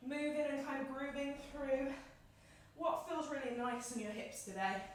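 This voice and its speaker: A woman leading a home yoga class, giving calm, encouraging cues in time with the breath, a little out of breath. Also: high-pitched, normal speed, slight background noise. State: slightly out of breath. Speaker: yoga instructor. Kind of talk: guided yoga class instruction. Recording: echoey room, mic at a distance.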